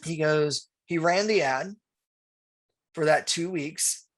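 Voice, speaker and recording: Man, middle-aged, higher voice, real estate trainer, story-driven webinar talk, acts out dialogue. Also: takes it slowly. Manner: storytelling, acts out dialogue, answers viewer questions. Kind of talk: webinar presentation with anecdote and Q&A.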